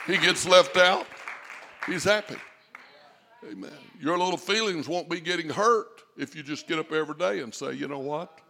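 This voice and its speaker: A man preaching a fervent sermon, rising to shouts and dropping to a hush. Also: on the high side, moderate pace, vocal fry, a faint crowd. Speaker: pastor.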